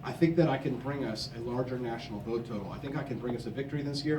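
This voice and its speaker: A man's voice: mid-range voice, fast, hardly any pauses, noisy background. Young man giving a campaign speech in a hall. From Missouri, USA. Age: young adult. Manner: forceful, combative stump-speech delivery. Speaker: political candidate. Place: convention hall. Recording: echoey hall, from a distance.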